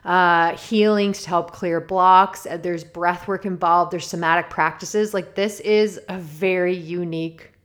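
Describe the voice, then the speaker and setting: A woman's voice: on the low side, steady tone, measured pace, few pauses. A woman hosting a casual solo podcast, chatty and upbeat, laughing often and wandering off on tangents. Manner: chatty and self-deprecating, laughs often and digresses; enthusiastic and upbeat. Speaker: podcast host.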